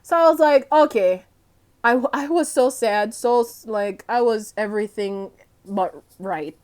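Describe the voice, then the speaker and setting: A woman's voice: fairly high pitch, a little slow, darkish tone. Chatty young woman rambling through gameplay. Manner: chatty, rambling, often laughing and losing her thread. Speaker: gaming vlogger. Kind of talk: casual gameplay commentary.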